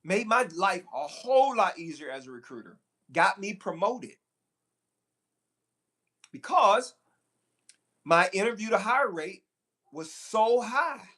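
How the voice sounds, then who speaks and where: A man, a recruiter, talking live to viewers in a preachy, animated way, repeating phrases for emphasis. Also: high voice, takes it slowly, long pauses. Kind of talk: live stream talk to viewers.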